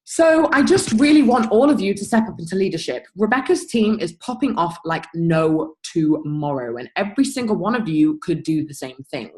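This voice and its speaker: A young woman leading her team over a video call, giving an energetic, blunt motivational rant with swearing and laughter. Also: fairly low pitch, normal speed, few pauses, rough recording. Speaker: team leader.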